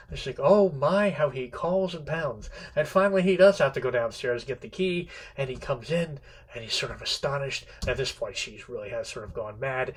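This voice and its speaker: A male literature teacher with a medium-pitched voice retells a story in a casual, rambling classroom lecture, restarting sentences often and playfully quoting characters. He's irreverent, letting slip the odd swear word, and the audio carries a slight hiss or hum.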